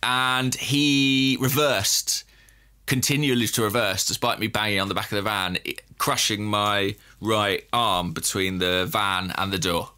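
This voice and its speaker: Man, podcast co-host, low voice, bright tone, casual self-deprecating storytelling. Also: steady tone, a little slow, clean tone. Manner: self-deprecating storyteller, laughs at own mishaps. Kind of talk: casual chat, anecdote.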